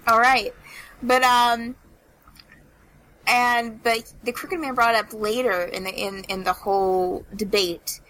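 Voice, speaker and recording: A woman's voice: fairly high pitch, level tone, slow pace, fairly bright tone, poor audio. A woman co-hosting a podcast, chatting casually about a video game in a rambling way and acting out the characters' lines. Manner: rambling, lots of fillers and acted-out quotes. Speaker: podcast co-host.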